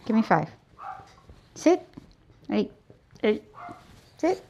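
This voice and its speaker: A woman's voice: medium pitch, sing-song, a little slow, creaky, long pauses, darkish tone, slight background noise. A middle-aged woman, a dog groomer, chatting on a livestream as she works, soothing the dog and telling stories. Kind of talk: casual livestream chat while working. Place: grooming salon.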